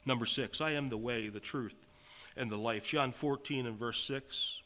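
Bright-voiced man preaching with rising fervor. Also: mid-range voice, normal speed, slight background noise. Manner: swells from quiet asides to loud emphatic declarations; reads and quotes scripture in old-fashioned wording. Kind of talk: sermon.

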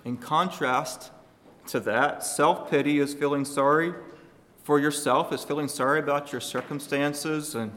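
A man preaching a sermon to his congregation, speaking emphatically and shifting his loudness for emphasis. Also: fairly high pitch, steady tone, a little slow, in a large hall.

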